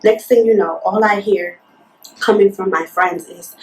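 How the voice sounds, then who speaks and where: A woman's voice: medium pitch, a little slow. A young woman vlogger telling a storytime in an indignant, fired-up way, full of "like". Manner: fired-up, indignant, talks with lots of "like". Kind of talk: storytime retelling. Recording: roomy echo, mic at a distance.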